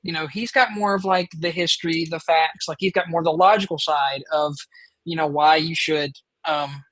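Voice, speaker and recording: A man with a drawl tells a story on his podcast, his voice pitched a bit above the usual male range. He rambles eagerly and leans on fillers. The sound is dry and close, with no room around it. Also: fairly even intonation, moderate pace, fairly bright tone, no room sound, rough recording. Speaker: podcast host. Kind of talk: casual storytelling chat.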